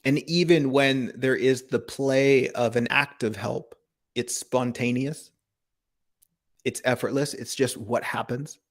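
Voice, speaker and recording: A man giving a calm, reflective spiritual talk on a live broadcast, asking gentle rhetorical questions. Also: mid-range voice, slow pace. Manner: calm, contemplative, asks rhetorical questions, laughs softly.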